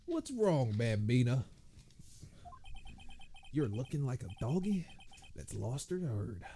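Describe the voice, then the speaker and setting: A man's voice: medium pitch, sing-song, slow, mellow, slight background noise. A man voicing a laid-back cowboy detective in a lazy, poetic drawl.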